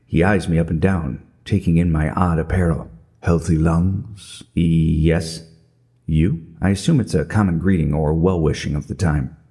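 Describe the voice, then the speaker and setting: A man's voice: low-pitched, fairly quick, hardly any pauses, darkish tone. A middle-aged man telling a scripted comedic story in a wry, self-mocking way. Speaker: podcast narrator.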